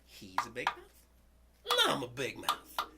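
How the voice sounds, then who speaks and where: A man from the United States performing a spoken-word story poem, loud and expressive in his telling. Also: medium pitch, measured pace. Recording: loud background noise.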